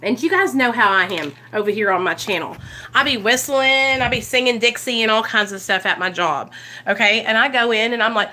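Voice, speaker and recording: A woman talking casually and earnestly to her viewers in a recovery vlog, animated and direct. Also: fairly high pitch, fairly quick. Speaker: recovery vlogger. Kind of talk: casual livestream-style talk to viewers.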